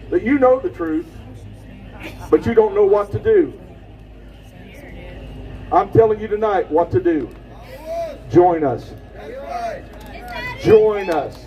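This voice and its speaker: High-pitched man shouting a rally speech. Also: distant mic, dull audio. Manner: impassioned, preacher-like shouting. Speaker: rally speaker. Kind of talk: outdoor political rally speech. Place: outdoors at a rally.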